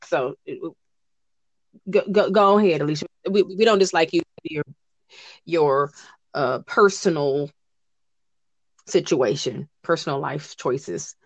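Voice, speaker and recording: A woman co-hosting a casual chat show, talking in animated bursts with frequent restarts. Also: sits low, dry recording. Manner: animated, chatty, quick bursts with many restarts. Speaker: podcast co-host.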